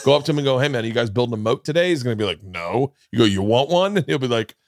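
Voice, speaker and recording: Animated man telling stories, dry sound. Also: racing, dry recording. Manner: animated, acts out quotes with big pitch jumps. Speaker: podcast host. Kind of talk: casual storytelling chat.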